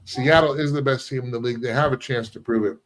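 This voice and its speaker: A man's voice: mid-range voice, steady tone, quick pace. Man hosting a sports talk show. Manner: asks questions, cites stats from notes. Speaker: host.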